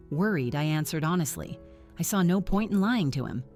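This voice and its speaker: A middle-aged woman narrating a first-person family story in an earnest, measured way. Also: low voice, expressive, a little mellow, soft background music.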